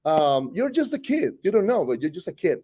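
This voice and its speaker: A man from Costa Rica with a Costa Rican Spanish accent, a teacher telling his life story in an animated, rambling way full of self-corrections. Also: a little high, fairly quick, breathy edge. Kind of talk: personal storytelling interview.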